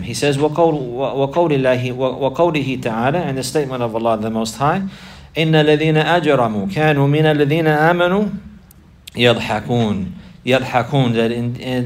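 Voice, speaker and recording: A man teaches a religious lesson at a brisk pace, his voice sitting at an ordinary middle pitch. He circles back over phrases with stammering restarts and rattles off Arabic verses between explanations. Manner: repetitive, halting restarts, mimics mockers in a raised voice. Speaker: Islamic teacher.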